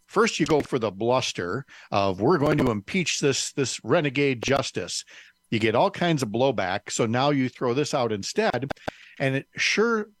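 A man co-hosting a political discussion show, speaking in a measured way as he thinks aloud. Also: medium pitch, a little hiss or hum. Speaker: talk show co-host. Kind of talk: political talk radio discussion.

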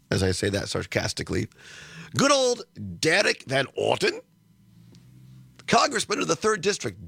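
Gravelly, congested talk radio host. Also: male voice, medium pitch, fairly bright tone, no room sound, studio quality. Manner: rambling, sarcastic, with restarts. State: congested from sinus trouble. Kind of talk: political talk radio monologue.

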